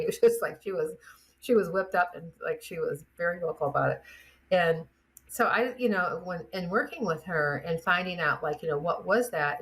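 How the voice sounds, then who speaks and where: A middle-aged woman, a chiropractor guest, chatting in an interview and telling lively stories with acted-out quotes. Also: fairly low pitch. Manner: chatty, animated storyteller acting out quotes. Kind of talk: casual interview storytelling.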